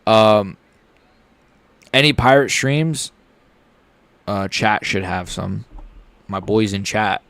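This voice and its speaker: A young man hosting a livestream, giving live fight reaction commentary in a rambling, excitable way, swearing and swinging from mumbles to shouts. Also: fairly low pitch, takes it slowly, long pauses, no room sound. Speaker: livestream host.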